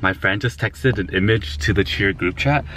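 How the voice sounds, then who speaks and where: Young male vlogger, gushy and excitable, nervous energy, light background hiss. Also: on the low side, moderate pace. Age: young adult. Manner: excitable, gushing, lots of "oh my God". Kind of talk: casual vlog talk to camera.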